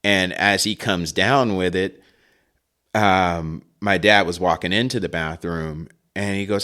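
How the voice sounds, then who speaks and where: A man's voice: sits low, fairly even intonation, measured pace, sharp tone. A man in his forties hosting a podcast, telling a rambling story in casual chat with chuckles and side remarks into a podcast mic. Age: 40s. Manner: rambling, chuckling, frequent asides. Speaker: podcast host.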